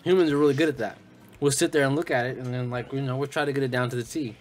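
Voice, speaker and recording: A young man co-hosting a podcast in casual chat. He talks fast and animatedly, swears often and keeps saying dude, on a studio mic. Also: mid-range voice, fairly even intonation. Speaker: podcast co-host. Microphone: studio mic on a stand, with headphones.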